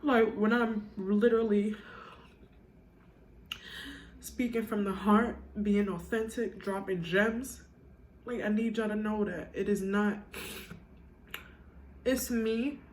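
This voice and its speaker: A woman's voice: medium pitch, steady tone, slow pace, pauses often, darkish tone, slight background noise. Earnest, emotional woman vlogger. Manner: earnest, emotional, repeats "you know". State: tearful at times. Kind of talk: heartfelt casual chat to viewers.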